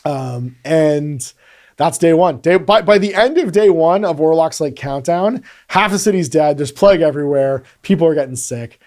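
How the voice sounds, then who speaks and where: A man with a fairly high speaking voice co-hosts a casual podcast. He recaps a film's plot with animated energy and slips into the characters' lines as he goes. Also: normal speed. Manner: animated, retells scenes and acts out lines. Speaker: podcast co-host. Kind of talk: casual movie recap chat.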